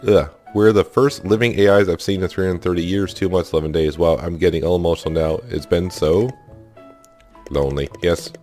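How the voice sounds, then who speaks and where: A man's voice: low-pitched, darkish tone, lightly acted. Man reading as Wendy, a lonely female AI. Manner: plain read-aloud, hardly voiced. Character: lonely, childlike female research AI.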